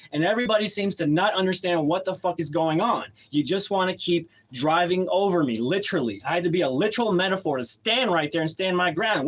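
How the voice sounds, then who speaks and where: A man's voice: sits high, breathy edge. Angry profane man ranting a story. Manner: heated, profane, loud outbursts when quoting himself. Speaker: storyteller recounting a grievance. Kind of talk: angry personal story rant.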